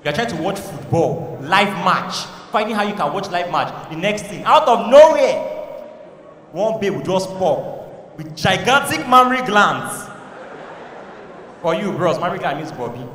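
A Nigerian man doing a stand-up comedy routine on stage, animated and shouting punchlines, slipping into pidgin. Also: high-pitched, normal speed, far from the mic. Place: live comedy stage in a large hall. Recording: echoey hall from a live show.

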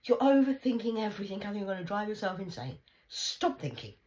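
A woman voicing her wise elderly grandmother, who calmly and firmly tells her to stop worrying. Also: medium pitch, fast, pitched above the performer's own voice, lightly acted. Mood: reassuring. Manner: soothing, reassuring, firm. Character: wise calm elderly grandmother, gently firm.

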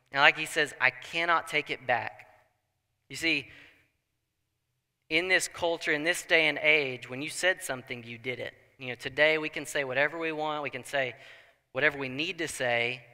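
A young man preaching a sermon in a church, telling the story with animated asides and acting out people's thoughts. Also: on the high side, normal speed, long pauses, smooth. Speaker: pastor. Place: church sanctuary. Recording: long church hall reverb.

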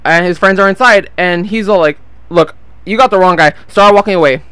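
High-voiced rambling teen storyteller man. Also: fairly quick, pushed and bright, smooth, dry recording. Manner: rambling, swears freely, loses his train of thought. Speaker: gameplay vlogger. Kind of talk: casual storytelling over gameplay.

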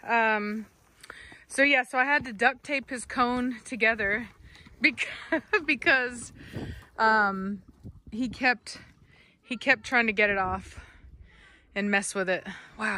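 A woman's voice: on the high side, bright, forceful tone. A woman, filming a casual vlog outdoors as she plays with her dogs, laughing and calling commands to them.

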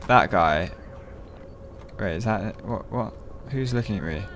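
A man giving profane, excitable, joking let's-play commentary. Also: on the low side, unhurried, a little hiss or hum. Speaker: gaming channel host.

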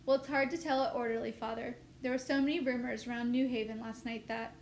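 A woman reading aloud, voicing an eager, proud young male soldier who rushes his words and loses his temper quickly. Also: a little high, steady tone, natural voice. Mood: flustered. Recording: echoey room, faint noise.

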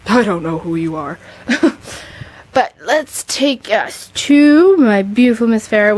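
A woman's voice: mid-range voice, a little mellow, slight background noise, poor audio. A teenage girl giving a chatty, gushing tour of her model horse collection, talking to her camera as she films. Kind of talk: casual collection tour vlog.

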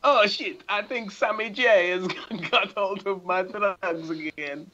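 A man impersonating a deadpan robotic cyborg action hero who clips every word flat. He talks slowly, with a bright, hard tone. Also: high voice, lo-fi sound, slight background noise, exaggerated voice.

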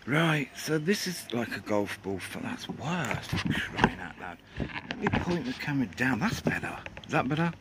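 A man's voice: mid-range voice, sing-song, normal speed, heavy background noise. A man from England rambling through a casual outdoor shoe review, joking and swearing under his breath as he films on a cold day. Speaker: sneaker reviewer.

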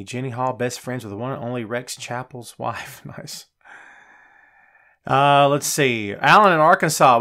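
A man hosting a casual live wrestling show, greeting viewers by name and giving shout-outs. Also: mid-range voice, creaky. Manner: reads viewer names and gives shout-outs. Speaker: podcast host. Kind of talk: casual live-stream chat.

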